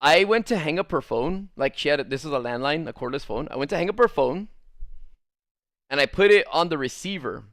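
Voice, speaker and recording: A young man with a fairly high voice spins a rambling personal story while gaming, leaning on "like" at every turn. He acts out the people in the tale with lively delivery. The recording is close and dry, with no room sound. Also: a little fast, no room sound. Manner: rambling, filler-heavy, many "like"s. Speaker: streamer.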